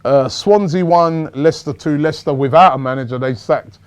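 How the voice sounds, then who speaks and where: A man hosting casual football chat, going through results in a steady way. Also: a little high, brisk, clear, resonant tone. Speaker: football show host.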